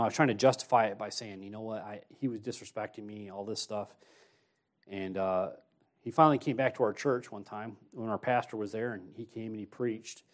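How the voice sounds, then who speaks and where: A man preaching in a church, mid-pitched and plain-voiced. He tells his own story in a loose, conversational way, then pushes harder as he exhorts the congregation. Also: a little mellow. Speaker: associate pastor. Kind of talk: sermon with personal story.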